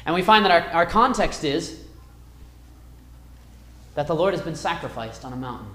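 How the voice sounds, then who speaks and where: A man teaching a Bible class, reading verses aloud and retelling the story with wide swings in loudness. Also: on the high side, animated, moderate pace, slight background noise. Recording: echoey room.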